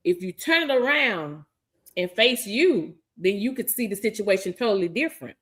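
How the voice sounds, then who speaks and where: A woman's voice: medium pitch, expressive, moderate pace, fairly bright tone. A woman co-hosting a casual talk stream, laughing often, repeating herself, and reading viewer comments aloud. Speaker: podcast co-host reading live chat. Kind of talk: casual chat.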